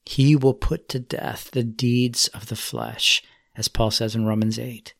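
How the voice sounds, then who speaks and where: A man giving a sermon, speaking in an earnest, measured way as he exhorts his listeners. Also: mid-range voice, little pitch movement, vocal fry, no room sound, clean studio sound. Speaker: preacher.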